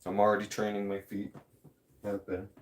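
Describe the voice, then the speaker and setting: A man's voice: lowish voice, completely flat delivery, moderate pace, slight background noise. A man ranting in a vlog, blunt and profane, rambling and restarting his sentences. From Canada. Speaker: vlogger.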